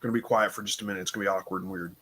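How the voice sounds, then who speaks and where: This livestream host has a low, husky, sharp voice that stays steady even as he races along. He's tired and yawning, reading viewer comments and thinking aloud through rambling, unsure answers packed with fillers.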